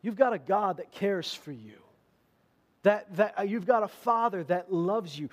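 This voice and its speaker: A man preaching to his congregation with a high-pitched voice. He talks in a casual, conversational way and pushes his voice up to stress his points. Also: a little slow. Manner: animated, conversational preaching with emphatic rises. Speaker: pastor. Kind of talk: sermon.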